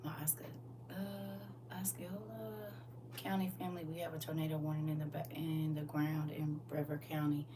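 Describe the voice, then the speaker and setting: A woman's voice: low voice, flat delivery, moderate pace. A woman preaching a livestreamed sermon, fervent and exhorting in a colloquial style. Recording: distant mic with faint noise.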